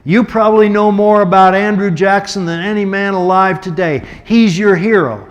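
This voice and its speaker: A man's voice: sits high, moderate pace, lo-fi sound, pitched above the performer's own voice, close to an everyday voice. A man voicing an earnest middle-aged male friend who pleads emphatically with someone close to him. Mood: earnest pleading.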